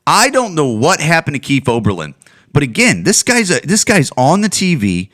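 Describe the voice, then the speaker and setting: A man's voice: fairly high pitch, huge pitch swings, moderate pace, fairly bright tone. A man hosting a solo podcast, ranting in heated, profane commentary full of restarts and repeated words. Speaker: podcast host.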